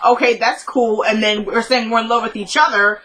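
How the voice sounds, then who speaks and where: A woman's voice: on the high side, fairly even intonation, brisk, a bit bright, rough recording. A woman recapping a TV episode in a chatty, candid way, full of "like" and "he goes" fillers, with opinionated asides. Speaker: TV show recapper. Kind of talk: casual recap chat.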